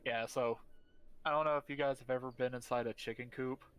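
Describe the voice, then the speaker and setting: A man's voice: mid-range voice, fairly even intonation, brisk, crowd noise. A man playing a tabletop game with friends, chatty and laughing often. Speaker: player. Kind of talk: casual tabletop game chat.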